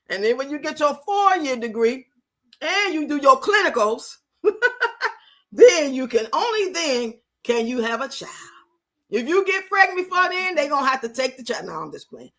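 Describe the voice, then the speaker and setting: A young woman hosting a live stream, chatting loudly and profanely, teasing and laughing as she reads out viewers' comments. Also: high-pitched, very animated, normal speed. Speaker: livestream host. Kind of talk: casual live-stream chat reacting to a reality show.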